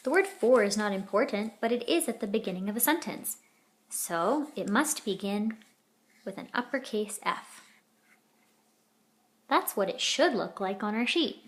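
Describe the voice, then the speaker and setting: A woman's voice: medium pitch, expressive, moderate pace, long pauses. A woman teaching a children's editing lesson, patiently sounding out letters and words.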